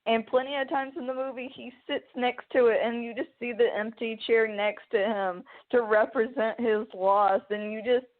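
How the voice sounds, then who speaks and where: A woman's voice: a little high, steady tone, moderate pace, hardly any pauses. A young woman hosting a podcast, rambling through a story with many restarts and getting emotional as she talks. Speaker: podcast host. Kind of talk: casual chat. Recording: phone-like narrow band.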